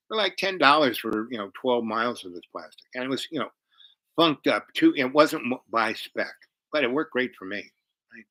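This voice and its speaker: A man rambling through a personal story, his voice very bright and his pitch jumping around animatedly. He piles on fillers and side remarks as he goes. The sound is dry and close, with no room echo.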